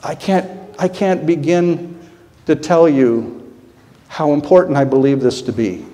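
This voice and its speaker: A man preaching from the pulpit in an earnest, halting way, restarting his phrases. His voice is mellow and warm, with a mid-range pitch. A long church-hall reverb trails each phrase. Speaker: pastor. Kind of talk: sermon. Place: church sanctuary.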